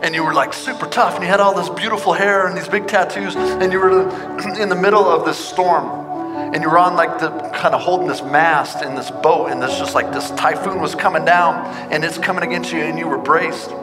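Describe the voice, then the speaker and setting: A man's voice: a little high, fairly quick. A male pastor preaching an earnest, conversational sermon with frequent restarts. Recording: long hall reverb, loud music behind.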